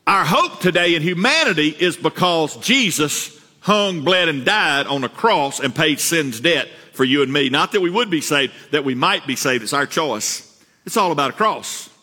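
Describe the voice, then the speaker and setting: A man preaching a sermon as pastor, earnest, repeating words and climbing higher to stress a point. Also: animated, normal speed, bright, forceful tone. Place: church sanctuary. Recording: reverberant church hall.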